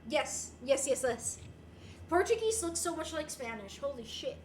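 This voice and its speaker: Young woman streamer, playful and giggly, very high and bright, roomy echo. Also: sing-song, a little slow, slight background noise. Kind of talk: casual livestream chat, reading viewer messages.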